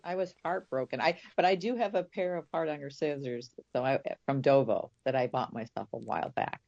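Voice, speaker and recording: A woman co-hosting a crafts podcast, making quick joking asides. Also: rumbling low, vocal fry, darkish tone, no echo. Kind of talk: casual chat. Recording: dull lo-fi call audio.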